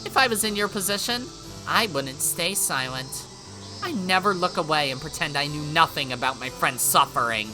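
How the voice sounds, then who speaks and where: A woman voicing a sharp-tongued teenage girl who mocks and scolds her twin, reading a visual novel aloud with faint music behind. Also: deep voice, animated, moderate pace, poor audio. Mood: contemptuous. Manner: cutting, mocking, bitter.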